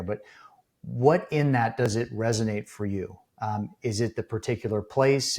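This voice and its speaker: A man's voice: mid-range voice, a little mellow. Rambling middle-aged male podcast host. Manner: searching, rambling questions full of fillers. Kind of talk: casual interview conversation.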